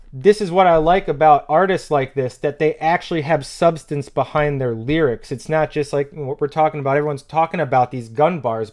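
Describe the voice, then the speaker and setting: A man hosting a music reaction, talking loosely with restarts and bursting into loud excited exclamations. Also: on the high side. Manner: loose and conversational, many restarts. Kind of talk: casual reaction commentary.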